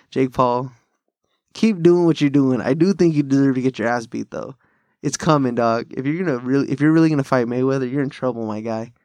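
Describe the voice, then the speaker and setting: A man rambles through stories on his podcast, swearing freely. His voice sits at a middle pitch. The sound is dry and close, with no room around it. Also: darkish tone, no room sound. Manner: profane, rambling bro-style storytelling with frequent laughs. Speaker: podcast host. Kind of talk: casual chat.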